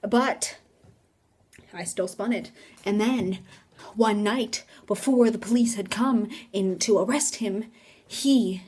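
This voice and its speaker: A young woman vlogging on a phone mic, telling a story in an animated, dramatic way. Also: mid-range voice, slow pace, long pauses, breathy edge. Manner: animated, dramatic, drops into whispers for effect. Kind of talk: casual storytime.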